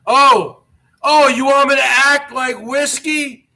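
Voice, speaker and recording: Boastful male host, high and bright voice, slow brash delivery. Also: steady tone. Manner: brash, boastful, taunting viewers. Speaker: show host. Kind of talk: livestream talk.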